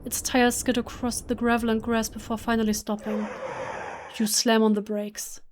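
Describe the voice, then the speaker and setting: A German-native woman reads horror game narration aloud, hushed and emotional, often stumbling and restarting mid-word. Her voice sits fairly high but moves little in pitch. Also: flat delivery, moderate pace, slight background noise. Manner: emotional, hushed, with self-corrections. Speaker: let's play gamer. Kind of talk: reading game text aloud.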